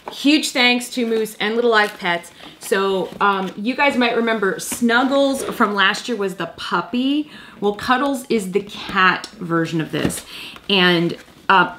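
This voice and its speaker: A woman's voice: medium pitch, fairly bright tone, a little hiss or hum. A woman in her thirties hosting a casual toy review vlog, chatty and playful, cooing at a toy kitten.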